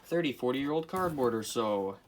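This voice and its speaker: A man chatting his way through a hobby repair, rambling and cracking jokes at his viewers while he works. He sits at an ordinary middle pitch, and now and then he breaks into sudden loud outbursts. The take is a noisy home recording, caught on a camera mic with him often standing away from it. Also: lively intonation, normal speed. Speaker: hobbyist video host repairing a clock. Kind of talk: casual narrated repair video. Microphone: camera mic, speaker often away from camera.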